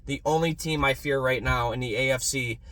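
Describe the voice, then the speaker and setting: A young man ranting in a casual sports fan vlog, swearing freely and swinging from low muttering to loud yelling. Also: brisk, no echo.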